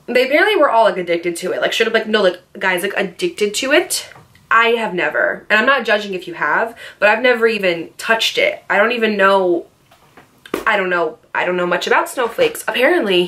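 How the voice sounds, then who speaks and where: A woman vlogger telling a storytime in a loose, chatty flow, full of asides and filler words. Her voice sits in an ordinary middle pitch. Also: a bit bright. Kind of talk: storytime vlog.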